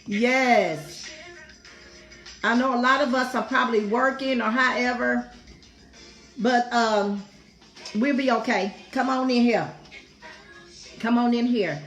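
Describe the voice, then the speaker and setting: A middle-aged woman with a high voice greets her livestream audience at an unhurried pace. She keeps repeating her welcomes to viewers. Her voice rings in an echoey room, with faint music behind her. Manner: warm, effusive, repetitive greetings to viewers. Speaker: host of a women's fellowship livestream. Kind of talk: casual live-stream welcome.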